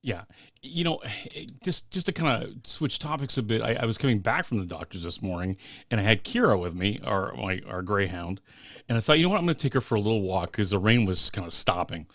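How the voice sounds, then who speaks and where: A man's voice: on the low side, lively intonation, fairly quick, a bit bright, dry recording, studio quality. A man co-hosting a casual podcast, loose and joking, swearing now and then. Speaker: podcast co-host. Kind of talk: casual chat.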